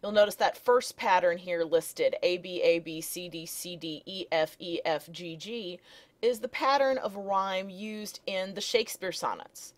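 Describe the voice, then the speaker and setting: A woman's voice: on the low side, a little slow. A woman teacher narrating lecture slides, explaining steadily and reading poem lines aloud.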